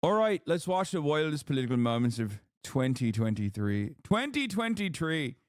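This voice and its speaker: A man's voice: mid-range voice, moderate pace, a little mellow, no room sound. Male streamer, blunt, swearing, joking, dry close sound. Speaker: streamer reacting to clips. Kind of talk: casual commentary.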